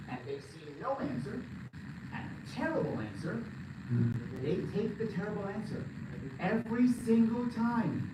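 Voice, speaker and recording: A man giving an animated, joking, emphatic speech to an audience at a live event. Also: high voice. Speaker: political commentator giving a speech. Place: large event hall. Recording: echoey hall from far off, loud noise.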